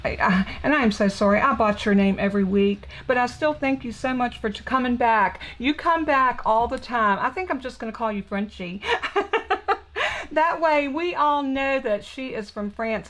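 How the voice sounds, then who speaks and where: A woman's voice: a little high, moderate pace, few pauses, fairly bright tone, rough recording. A woman with a Southern drawl chatting on a live card-making stream, gushing over her supplies and thinking aloud with fillers as she works. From Southern United States.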